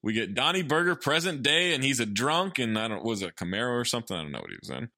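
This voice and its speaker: A man's voice: mid-range voice, very animated, quick pace, pushed and bright, no echo, studio quality. A man co-hosting a casual comedy podcast, summarizing a film's plot in a loose, argumentative, swearing way. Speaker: podcast co-host recapping the film. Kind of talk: casual comedic movie recap.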